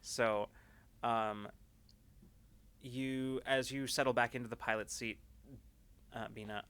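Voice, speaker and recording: A man narrating a tabletop game as game master, loose and halting, with many fillers. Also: mid-range voice, fairly even intonation, fairly bright tone, smooth.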